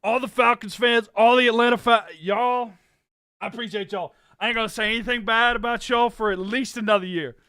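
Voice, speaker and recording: A young man with a high, bright voice whoops and hollers on a live stream. His voice has gone hoarse from yelling, and between the shouts he talks loosely to his chat. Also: fairly even intonation, a little fast. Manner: yells and hypes, then talks to chat casually. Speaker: streamer reacting to a football game. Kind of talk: excited live-stream reaction.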